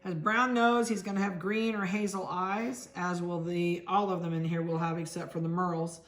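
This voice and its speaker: A middle-aged woman from Ohio, a dog breeder, chatting casually as she handles puppies and talks softly to them. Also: fairly low pitch, level tone, moderate pace.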